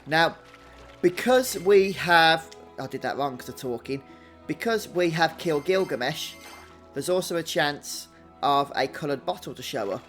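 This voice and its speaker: A man hosting a video game walkthrough in a relaxed, chatty way, thinking out loud as he plays. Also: a little high, unhurried, faint music behind. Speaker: gaming channel host.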